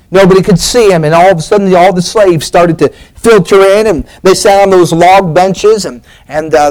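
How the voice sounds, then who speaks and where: A man's voice: high voice, darkish tone, poor audio. A man preaching a sermon, telling a story with an emphatic, rising and falling preaching cadence.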